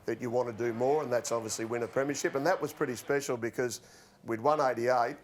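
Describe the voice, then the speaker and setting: An Australian man in his sixties tells his stories in a relaxed, anecdotal way. His voice sits in a middle register. He often laughs at his own tales. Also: mid-range voice, quick pace, slight background noise. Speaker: guest, former footballer. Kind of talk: casual storytelling on a TV panel show.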